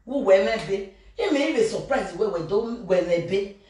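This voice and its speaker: Echoey, animated Nigerian woman gossiping. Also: mid-range voice, normal speed. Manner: mimics people, laughs and shouts. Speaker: gossip commentator. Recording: very echoey room, voice far from mic.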